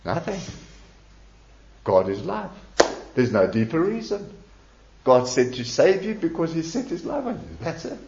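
A man preaching a sermon in an emphatic, lively voice that climbs and dips as he leans on key words. His voice sits a little high for a man. The recording is roomy and dull, as if captured from a church hall. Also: unhurried, gravelly, long pauses, a little hiss or hum. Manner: emphatic preaching, repeats key words, rising and falling delivery. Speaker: pastor.

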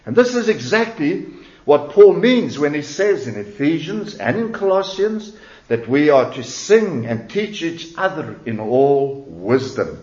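A man preaching a sermon, emphatic and measured, with dramatic pauses. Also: medium pitch, darkish tone. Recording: roomy, dull lo-fi sound.

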